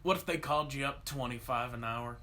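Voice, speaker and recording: A man's voice: medium pitch, pushed and bright. Male podcast co-host, teasing and jokey, faint hiss in the recording. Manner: teasing, quick jokey interjections. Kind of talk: casual chat.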